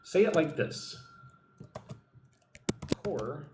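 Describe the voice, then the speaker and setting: A man's voice: a little high, very animated, measured pace, reverberant, very noisy. A man from the United States teaching an English lesson on a live stream, drilling phrases, reading out viewer comments and checking in with "right?". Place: indoors, in Vietnam.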